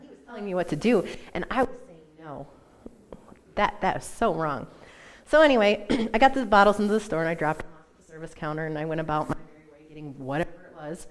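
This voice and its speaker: A woman, around her thirties, giving a personal testimony in a church talk, telling it in a lively, self-mocking way with laughs. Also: medium pitch. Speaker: church speaker.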